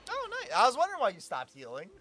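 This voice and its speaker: Excitable young man, high lively voice. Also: quick pace. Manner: excitable, swears and laughs often. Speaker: co-host watching a gameplay playthrough. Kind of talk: casual gaming chat.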